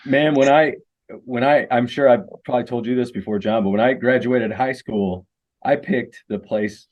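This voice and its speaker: A man's voice: mid-range voice, normal speed, lo-fi sound. A middle-aged man from Missouri chats as a podcast guest in an ordinary mid-range voice. He tells rambling stories and laughs easily between them. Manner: laughs often, loose storytelling. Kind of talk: casual podcast chat.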